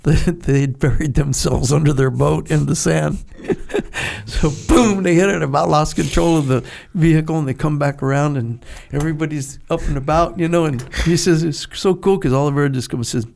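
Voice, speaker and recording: An older man, a former Navy SEAL appearing as a guest, tells rambling stories in a casual storytelling interview. His slightly high voice is creaky and darkish, at a moderate pace, and he laughs often and acts out quoted voices.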